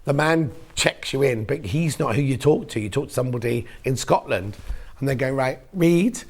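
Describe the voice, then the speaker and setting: A man's voice: medium pitch, a little fast, creaky. A man presenting fabrics on a shopping channel in casual on-air chat, reading viewer messages aloud. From United Kingdom.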